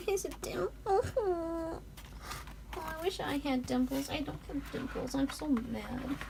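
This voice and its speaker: A young woman talks slowly and gushes through an unboxing, giggling and sometimes sinking to a whisper. Her voice sits a little high and has a gravelly fry. A faint hiss runs under it. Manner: gushing, giggly, drifts into soft whispers. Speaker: vlogger. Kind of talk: casual unboxing chat.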